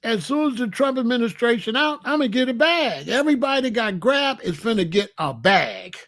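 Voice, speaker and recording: A man's voice: very high-pitched, expressive, a little fast, fairly bright tone. A man hosting his own commentary channel, joking and bragging in a casual, streetwise rant.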